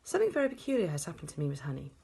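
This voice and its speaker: A woman's voice: low voice, wildly swooping pitch, racing, creaky, warm tone, breathy edge, exaggerated voice. A woman voicing a small, clever schoolgirl who speaks earnestly and eagerly in a storybook reading.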